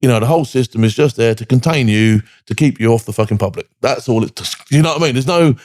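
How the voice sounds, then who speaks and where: A man's voice: medium pitch, lively intonation, fast talker, darkish tone, no echo, studio quality. A man over forty, a military veteran giving a candid interview, blunt and full of swearing, tagging his points with "do you know what I mean". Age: 40s or older.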